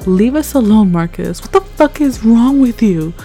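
A woman's voice: on the high side, lively intonation, normal speed, voice pushed up. A woman playing a desperate frightened young woman. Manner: shouting desperately. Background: music.

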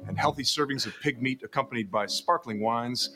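An actor playing a smug, deadpan TV spokesman in a spoof ad, speaking with a smooth, confident pitch. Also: brisk, lightly acted. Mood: deadpan salesy. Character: smug male ham-selling TV pitchman, deadpan. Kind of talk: comedy sketch ad read. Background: music under the ad.

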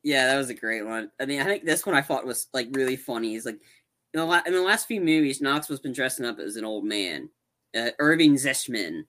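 Bright-voiced man rambling through a recap. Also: mid-range voice, a little fast. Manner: rambling, animated retelling with many restarts. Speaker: podcast co-host. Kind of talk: casual movie recap chat.

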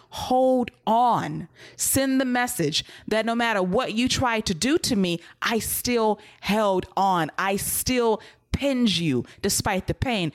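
Blunt woman podcast co-host. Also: low voice. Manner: blunt, direct critique. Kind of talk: casual wrestling review chat.

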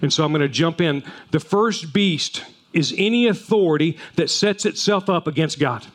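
Man, pastor, high voice, folksy sermon, restarts often. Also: normal speed, fairly bright tone. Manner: folksy storytelling with repeated restarts.

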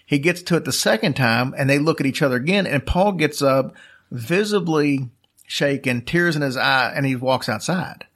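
A man's voice: mid-range voice, moderate pace, a bit bright. A man casually telling a long story as a podcast host, rambling with fillers and restarts.

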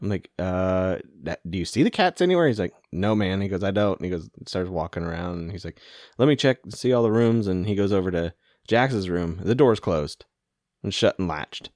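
A man's voice: low voice, normal speed, darkish tone, no room sound, clean studio sound. A man co-hosting a podcast, telling stories in a laid-back, casual way and laughing often. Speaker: podcast co-host. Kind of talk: casual chat.

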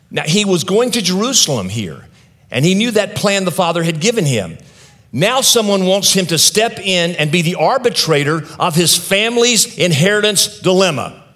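A man's voice: sits high, fairly bright tone. A man preaching a sermon as pastor, reading scripture aloud and then explaining it in a conversational way, stretching key words for emphasis.

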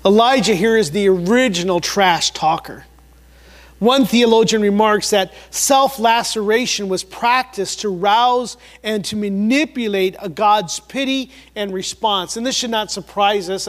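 Guy preaching a sermon, high voice, hits words hard and repeats them, then drops real quiet, big reverby hall. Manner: emphatic, repeats words for emphasis, swings between loud and hushed. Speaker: pastor.

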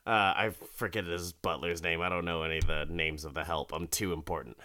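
A man recapping a TV episode in loose, rambling casual chat, swearing and laughing as he goes. His voice is bright and forceful with a smooth, clear tone, set a little low in pitch. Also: steady tone, brisk.

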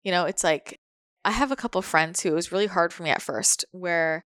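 A woman's voice: fairly low pitch, brisk, fairly bright tone, no room sound, clean studio sound. Candid woman in casual podcast chat. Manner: candid, swears, acts out quotes.

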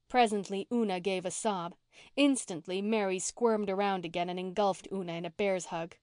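A woman narrating a classic novel for an audiobook, telling the story in a calm, even way. Her voice sits at a middle pitch, and the sound is dry and close to the microphone, with no room echo. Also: moderate pace, smooth. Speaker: audiobook reader.

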